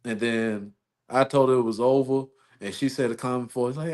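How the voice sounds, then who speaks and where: Man, podcast co-host, casual rambling delivery, mid pitch. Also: steady tone, normal speed, a little mellow. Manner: rambling, repeats phrases, laughs often. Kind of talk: casual chat.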